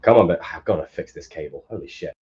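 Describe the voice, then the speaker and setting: A young man live-streaming, reacting to film clips with animated, profane commentary and sudden loud outbursts. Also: low voice, fast talker, breathy edge, dull audio.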